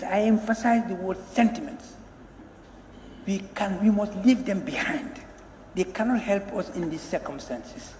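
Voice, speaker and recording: A man's voice: sits high, unhurried, darkish tone. A man, a member of parliament giving an earnest floor speech to the Speaker, pleading emphatically and repeating his words. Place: parliamentary chamber. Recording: echoey chamber with long reverb and faint hum.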